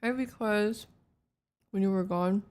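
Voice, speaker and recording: A woman's voice: medium pitch, a little slow, a little mellow. A woman in her twenties, a streamer, chatting casually and teasing a friend over voice chat. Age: 20s.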